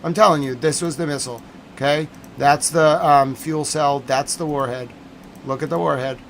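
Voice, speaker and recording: A man's voice: fairly high pitch, fairly even intonation, normal speed, gravelly, slight background noise. A man giving live-streamed commentary on breaking news, agitated and emphatic, repeating his points.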